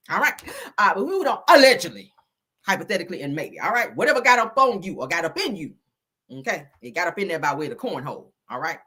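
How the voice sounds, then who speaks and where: A woman hosting a livestream, teasing and joking with her viewers in casual gossip chat. Her voice is husky and breathy. Her pitch swings widely as she talks. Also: very animated, fast talker, sharp tone. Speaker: livestream host.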